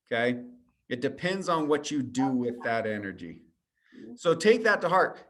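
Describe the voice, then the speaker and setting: A man speaking as a guest on a call, giving an earnest, persuasive motivational talk that addresses listeners directly. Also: mid-range voice. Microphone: video call.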